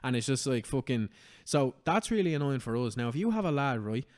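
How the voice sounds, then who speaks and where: A man's voice: medium pitch, sing-song, brisk, darkish tone. An Irish man hosting a podcast, chatting casually with lots of swearing and "do you know what I mean". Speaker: podcast host.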